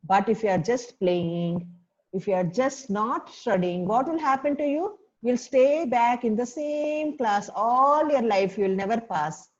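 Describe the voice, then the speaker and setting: A strict elder brother lectures his younger sibling, firing off rhetorical questions, as a woman reads him out in class. The voice sits a little high. The recording is dull and lo-fi. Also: expressive, a little slow. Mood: scolding. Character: stern scolding elder brother, a studious boy.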